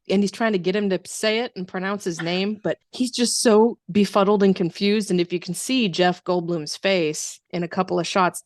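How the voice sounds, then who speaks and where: A woman's voice: medium pitch, no echo, studio quality. A woman guest on a podcast, talking about a movie in blunt, exasperated casual chat that has some swearing.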